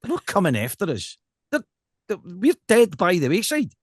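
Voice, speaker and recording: A Scottish man co-hosting a podcast, chatting casually in an animated, joking way and telling stories. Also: sits high, normal speed, no room sound, studio quality. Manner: animated and jokey, tells stories with quoted asides. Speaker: podcast co-host.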